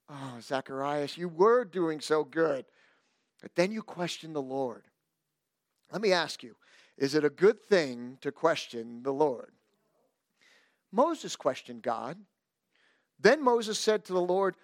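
A man's voice: fairly high pitch, slow pace, pauses often, dry recording, clean studio sound. A male pastor preaching a sermon, reading scripture and adding playful asides. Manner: animated, playful asides, reads scripture aloud.

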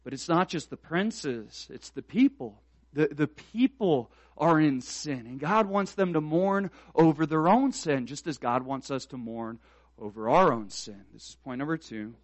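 A man's voice: fairly high pitch, animated, a little slow, no echo. A man preaching a sermon as pastor, speaking earnestly and building to emphatic, repeated exhortations.

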